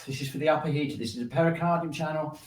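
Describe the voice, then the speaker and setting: A man teaching a self-shiatsu class over a video call, calmly guiding stretches and breaths. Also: fairly high pitch, rapid-fire, a little hiss or hum. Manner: calm instructor, counting breaths.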